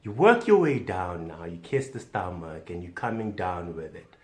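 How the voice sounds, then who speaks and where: A man delivering a mock instructional comedy monologue as a self-styled doctor, theatrical and swinging between loud emphasis and hushed whispers. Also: low voice, big pitch swings, normal speed. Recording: echoey room.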